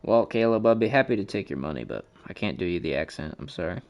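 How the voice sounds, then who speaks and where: A man's voice: low voice, very animated, fast, highs cut off. A man streaming a game live, cursing and trash-talking opponents and chatting casually with viewers. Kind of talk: live gaming stream commentary.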